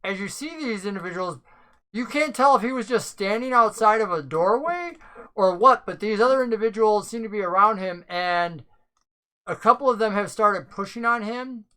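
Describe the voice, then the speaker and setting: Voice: medium pitch, animated, normal speed, pushed and bright, clear, resonant tone, rough recording. A game master who narrates a tabletop game and explains the rules at length, thinking aloud.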